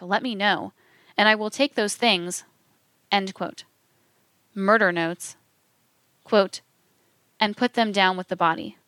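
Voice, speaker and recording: A woman narrating from a script, reading historical testimony in a measured way and speaking the quotation marks aloud. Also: medium pitch, fairly bright tone, clear, resonant tone, no room sound.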